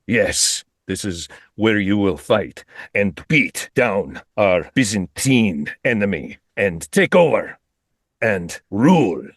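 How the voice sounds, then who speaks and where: A man improvising as a commanding sultan, speaking in slow, solemn pronouncements. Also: lowish voice, very animated, breathy edge, no echo, clean studio sound, heavily acted. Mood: grandiose. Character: grand male sultan, commanding and lofty. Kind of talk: improvised comedy role-play.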